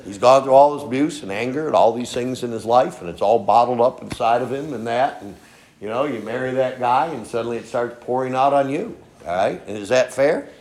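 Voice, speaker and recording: A man preaching a sermon in a folksy storytelling way, peppering his points with "okay?" and swinging from soft asides to loud emphatic lines. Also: mid-range voice, a little fast. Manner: folksy storytelling, frequent "okay?" tag questions. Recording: echoey room.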